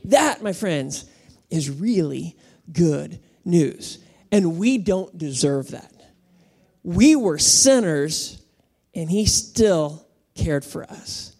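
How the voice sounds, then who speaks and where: A woman pastor preaching to a congregation in an animated, playful way, calling on the room to answer back. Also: on the low side, extremely slow, husky. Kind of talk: sermon. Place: church auditorium with congregation.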